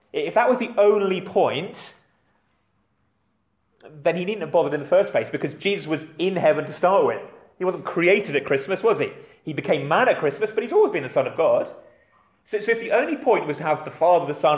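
Man, preacher, sermon, conversational, slightly high pitch, echoey church room. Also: sing-song, a little fast. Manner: addresses children with questions; conversational, with frequent restarts and rhetorical questions.

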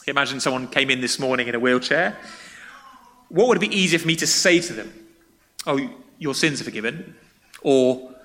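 In a church, a man preaches a sermon in a conversational style, posing questions to the congregation. His medium-pitched voice is brisk and sharp, and the recording carries the long reverb of a large hall.

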